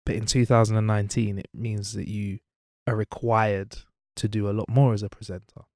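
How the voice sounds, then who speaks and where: A man's voice: on the low side, flat delivery, brisk, a little mellow, no echo, clean studio sound. A man in his twenties, a media presenter and guest, chatting casually and animatedly with many "you know"s. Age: 20s. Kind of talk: casual interview chat and storytelling.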